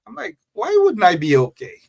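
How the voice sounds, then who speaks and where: A Guyanese man runs a live radio talk show, his voice sitting a little higher than most men's. He hammers his points by saying them again and again, and he calls out to his listeners directly. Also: wildly swooping pitch, fairly quick, creaky, a little mellow. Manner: emphatic, repeats phrases, addresses listeners directly.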